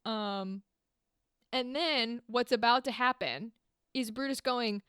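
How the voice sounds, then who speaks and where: A young woman hosting a podcast, explaining a play in a playful, animated way and swearing freely. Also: on the high side, unhurried, smooth, no echo, studio quality. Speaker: podcast host. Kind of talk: casual comedic explainer.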